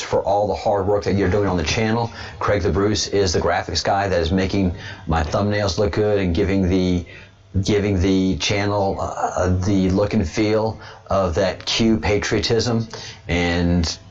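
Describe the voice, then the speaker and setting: A man with a fairly low voice hosts a casual political livestream. He rambles, repeats words and keeps restarting sentences, and the audio sounds dull and lo-fi.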